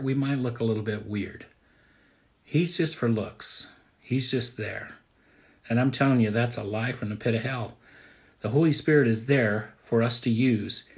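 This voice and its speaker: A man preaches in an earnest, conversational way, like a pastor talking to his congregation. His voice sits at an ordinary middle pitch. He leans on repetition to drive each point home. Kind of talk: sermon.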